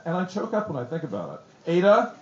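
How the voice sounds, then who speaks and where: A man's voice: fairly high pitch, wildly swooping pitch, fast, darkish tone, reverberant, highs cut off. A man giving an effusive, theatrical, self-deprecating talk about his book to an audience at a bookstore event. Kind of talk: casual public talk.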